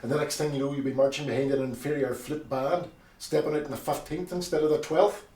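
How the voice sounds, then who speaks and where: A man playing a blustering, sarcastic Belfast husband with a Belfast accent. His voice sits a bit high and carries from a distance through an echoey room. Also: steady tone, quick pace, a little mellow, lightly acted. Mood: ranting. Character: staunch loyalist Belfast husband, Jimmy, dramatic and blustering. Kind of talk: film drama acting. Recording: roomy audio from a distance.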